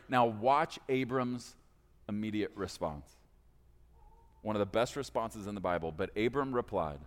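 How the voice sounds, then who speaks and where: A man, a pastor, preaching a sermon in a church, with lively, playful storytelling and casual asides. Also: on the low side, a little slow. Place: church sanctuary. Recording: echoey hall reverb.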